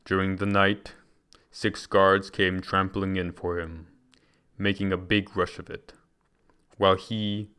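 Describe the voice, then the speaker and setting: A man reading a book aloud in a measured, deliberate way, now and then restarting a phrase. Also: low voice, sharp tone, smooth. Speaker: reader.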